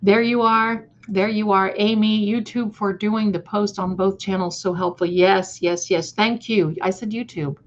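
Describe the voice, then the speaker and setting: A psychic livestream host, she reads comments from viewers in a medium-pitched voice, keeping a measured pace with few pauses and fairly even intonation. Her manner is warm; she addresses people as "my darling" and tends to repeat words and start sentences over. Sound quality is slightly dull lo-fi stream audio.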